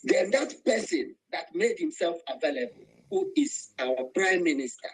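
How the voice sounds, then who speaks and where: A man's voice: high-pitched, big pitch swings, moderate pace, poor audio. A man with a Nigerian Igbo accent giving an angry, emotional speech to an online voice room, calling out to listeners. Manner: emotional, angry, preaching, rising to cries. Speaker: speaker in an online activist voice room.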